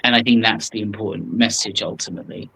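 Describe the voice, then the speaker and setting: A man co-hosting a podcast in casual chat, speaking reflectively with hesitant pauses. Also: lowish voice, steady tone, gravelly, pushed and bright, husky, low-quality recording. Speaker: podcast co-host.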